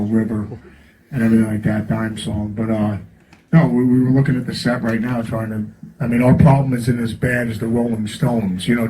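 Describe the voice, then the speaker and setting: At a record store event, a man appearing as guest musician in a Q&A tells rambling stories to the audience, full of fillers and laughter. His voice is mid-range, with background noise present.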